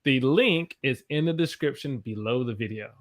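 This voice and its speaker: A man's voice: mid-range voice, moderate pace. An American man hosting a casual live-stream chat over a video call, rambling and searching for his words. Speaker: host.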